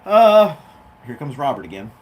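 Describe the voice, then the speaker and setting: A man's voice: fairly high pitch, very animated, moderate pace. A man hosting his own show, chatting casually and off the cuff, rambling between topics and talking to his dog. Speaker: podcast host. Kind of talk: casual chat.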